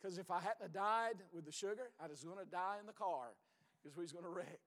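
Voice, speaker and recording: A middle-aged man preaching a sermon as pastor, earnest and hoarse, often sinking to a low, intense voice and repeating his words. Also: fairly quick, a bit bright, in a large hall.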